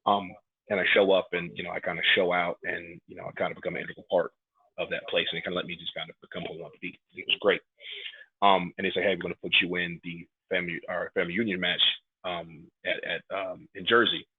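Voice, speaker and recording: A man's voice: sits low, quick pace, slightly rough. A man in his thirties, from New York and raised in Atlanta, telling stories in a casual podcast interview and acting out the quotes. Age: 30s. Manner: animated storyteller, acts out quotes. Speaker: guest, pro wrestler. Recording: tinny phone-like line.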